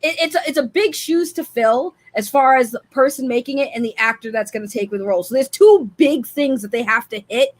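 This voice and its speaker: A woman's voice: high voice, a little fast, few pauses. A woman co-hosting a casual livestream chat over an online call, earnest and repeating her points with many restarts.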